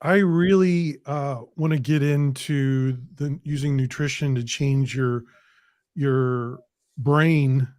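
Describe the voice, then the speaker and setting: A man's voice: mid-range voice, steady tone, takes it slowly, darkish tone, no echo, clean studio sound. A man hosting a podcast, asking questions in a casual, conversational way. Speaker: podcast host. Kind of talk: interview conversation.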